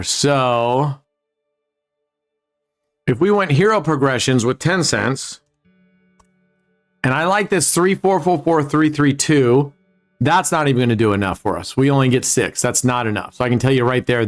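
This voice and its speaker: A man's voice: medium pitch, normal speed. Joking man hosting a casino stream. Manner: joking, profane, talks to chat viewers. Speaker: livestream casino host. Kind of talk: casual live-stream chat. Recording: faint music behind.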